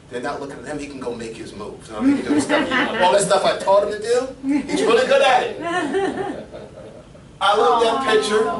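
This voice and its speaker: A middle-aged man, a fitness coach, telling personal stories in a seminar talk with animated delivery and frequent chuckles. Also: fairly high pitch. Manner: animated storyteller, chuckles often. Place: seminar room. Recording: echoey room from far off.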